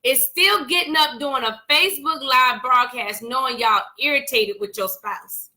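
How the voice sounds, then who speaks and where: A woman's voice: sits high, moderate pace, sharp tone. A woman co-hosting a church live-stream show, chatting casually and teasingly greeting viewers by name.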